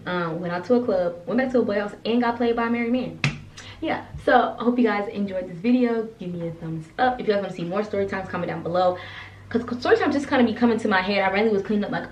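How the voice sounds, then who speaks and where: An animated young woman in her twenties tells a casual story time in an expressive, profane way. She sits away from the camera mic in a roomy space, so her voice sounds distant and echoey. The sound is a little dull, with faint noise underneath. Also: mid-range voice, quick pace. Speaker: soldier telling a story time.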